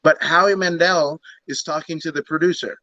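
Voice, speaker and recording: High-voiced animated podcast storyteller, man. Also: normal speed, dry recording. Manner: animated storyteller, acts out bits. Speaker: podcast co-host. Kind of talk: casual chat. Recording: dull lo-fi sound.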